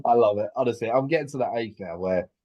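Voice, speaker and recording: A young man co-hosting a podcast in casual chat, halting and repeating words, often laughing. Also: mid-range voice, muffled recording. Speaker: podcast co-host.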